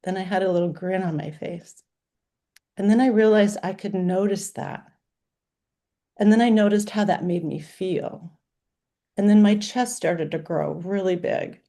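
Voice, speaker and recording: A woman's voice: mid-range voice, steady tone, unhurried, warm tone. A woman in her sixties, a life coach, giving an earnest, emotional talk in list-like phrases. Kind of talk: heartfelt talk.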